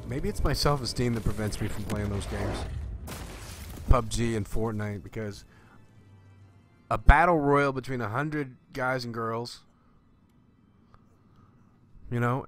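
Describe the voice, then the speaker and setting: A man's voice: mid-range voice, fairly bright tone. A man hosting a live stream, chatting casually with viewers and joking while he plays a game. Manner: chatty and joking, answers chat. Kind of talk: casual live gameplay commentary.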